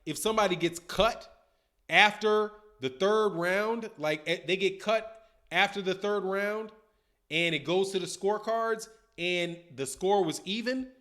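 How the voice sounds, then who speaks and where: A man in his fifties hosting a boxing livestream, talking in slangy, animated casual commentary and answering viewer chat. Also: sits high, measured pace. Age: 50s. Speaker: boxing channel host.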